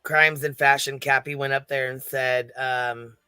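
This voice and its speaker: Gossipy male stream host, bright crisp voice, dry close sound, laughs and swears a lot. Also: medium pitch, little pitch movement, measured pace, no room sound. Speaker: livestream panel host. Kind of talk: casual profane commentary.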